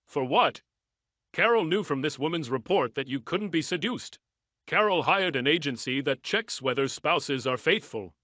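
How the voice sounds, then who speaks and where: A man narrating a first-person story in a measured, even reading style. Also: a little high, no echo.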